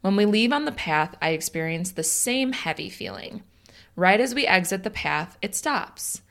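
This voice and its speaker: A woman's voice: medium pitch, lively intonation, normal speed, creaky, a bit bright. A woman with a Chicago accent co-hosting a casual podcast, chatting and reading a listener's story aloud with easy laughs and short dry replies. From Illinois. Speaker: podcast co-host.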